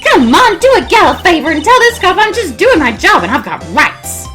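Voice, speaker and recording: Lady doing a loud nosy southern reporter gal, high and bouncy, game music behind. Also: big pitch swings, moderate pace, exaggerated voice. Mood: brash. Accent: American Southern. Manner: brash, hollering.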